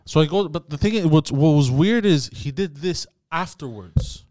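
A man casually telling a story on a podcast, acting out shouted quotes with lots of swearing and "bro". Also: a little high, lively intonation, moderate pace, dry recording, studio quality. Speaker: podcast host.

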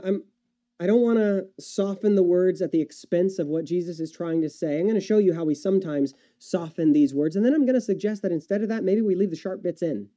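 A man's voice: a little high, warm tone. A man preaching a sermon in a conversational way, correcting himself and adding wry asides. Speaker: pastor.

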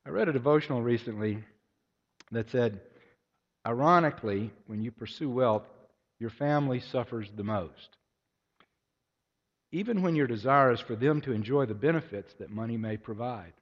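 A man's voice: medium pitch, animated, moderate pace, long pauses. A man preaching a sermon, telling anecdotes and acting out their voices. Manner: storytelling, acts out voices in anecdotes. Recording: echoey hall, dull lo-fi sound.

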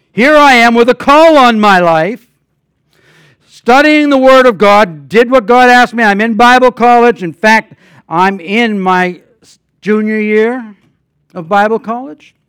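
An older man gives a sermon as a guest pastor, telling folksy, homespun stories packed with fillers and false starts. His smooth, slightly high voice moves at a measured pace with frequent pauses, rising to loud, emphatic passages and falling to quiet asides. The sound is dry and close, with no room sound.

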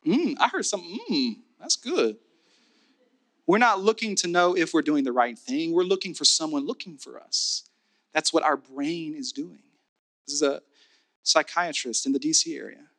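A man preaching a sermon as pastor, building to fervent repeated declarations and then dropping to a soft, intimate tone. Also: fairly high pitch, expressive, measured pace.

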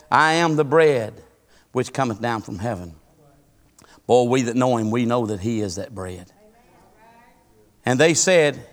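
A man preaching a sermon, swinging from hushed murmurs to fervent, rising cadences. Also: mid-range voice. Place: church. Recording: music behind, long hall reverb.

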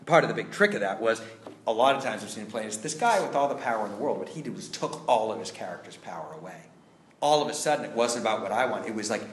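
A man's voice: medium pitch, very animated, normal speed, reverberant, a little hiss or hum. A man teaching a scene study class, telling a rehearsal story and acting out the lines he quotes. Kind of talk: classroom lecture.

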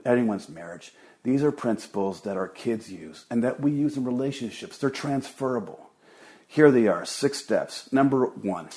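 A man's voice: mid-range voice, darkish tone. A middle-aged man preaching a sermon as pastor, earnest and emphatic, often repeating words for stress.

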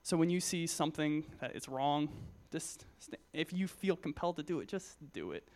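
A man's voice: fairly high pitch, normal speed, a little mellow. Young man giving a joking casual sermon. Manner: conversational, joking, many fillers and restarts. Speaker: Christian speaker at a youth gathering. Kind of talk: casual sermon with personal stories.

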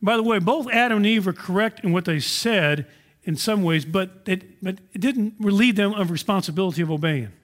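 A man's voice: sits high, a little fast, a bit bright. A man preaching a sermon as a pastor, earnest and full of rhetorical questions.

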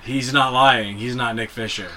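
A man co-hosting a film podcast, calmly retelling scenes in casual chat. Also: medium pitch, normal speed, slight background noise. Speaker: podcast co-host.

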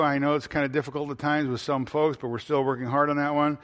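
A man's voice: on the high side, little pitch movement, fast talker, a bit bright, big-room sound. A male pastor preaching a sermon, asking the congregation questions and answering them himself, repeating phrases for emphasis, with frequent fillers.

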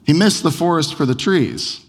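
A man's voice: on the high side, wildly swooping pitch, normal speed, big-room sound. A man preaching a sermon in a conversational way, firing off a chain of rhetorical questions. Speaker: pastor.

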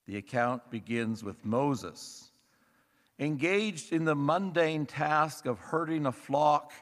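Slow, measured preacher in an echoing church. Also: male voice, mid-range voice, lively intonation, a bit bright. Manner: measured, thoughtful delivery with wry asides. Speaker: pastor. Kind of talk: sermon. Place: church sanctuary. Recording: long reverb of a church hall.

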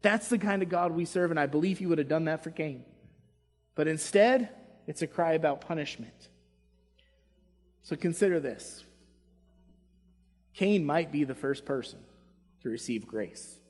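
A man preaching to a congregation, his slightly high, breathy voice carried by a long church reverb. He urges loudly, then drops to soft, quiet asides. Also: unhurried, pauses often, soft background music. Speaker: pastor. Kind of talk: sermon. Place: church sanctuary.

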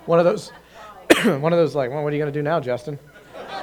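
Over crowd noise, a man with a slightly high voice speaks fairly quickly. He's a preacher answering questions, casually recounting a story to a group with many fillers, restarts and chuckles at his own expense.

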